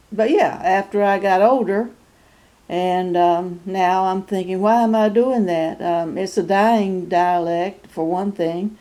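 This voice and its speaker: A YouTube host in her sixties from North Carolina talks casually to camera in a personal vlog, her Southern accent carried by a lowish, warm voice. She speaks haltingly, with many fillers and frequent chuckles.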